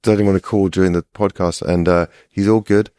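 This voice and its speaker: A man's voice: low-pitched, fairly even intonation, quick pace, warm tone, smooth, dry recording. A middle-aged man who is a guest on a podcast, telling a rambling, casual story full of restarts. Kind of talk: casual chat.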